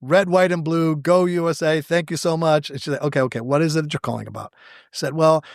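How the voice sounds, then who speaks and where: A fairly high-voiced man spins a story as a podcast guest, acting out each quoted line with a wry, self-deprecating humor. His voice is recorded close and dry, with no room sound around it. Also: a little fast, gravelly, no echo. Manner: animated storyteller who acts out quoted dialogue. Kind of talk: anecdotal storytelling in conversation.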